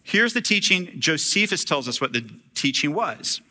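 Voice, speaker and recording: A man's voice: a little high, big pitch swings, moderate pace, sharp tone. A man preaching a sermon as a pastor, retelling a scripture story in casual, humorous storytelling.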